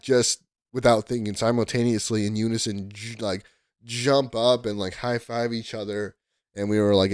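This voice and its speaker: A man's voice: fairly low pitch, vocal fry, dry recording, clean studio sound. A man in his twenties telling a story to camera in a casual, rambling way, full of "like" and restarts. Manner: rambling, excitable, heavy use of "like" and restarts. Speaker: vlogger.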